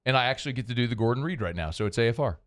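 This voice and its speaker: A man hosting a sports radio show in casual chat, animated and laughing, his voice climbing high when he gets worked up. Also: rapid-fire, a little hiss or hum.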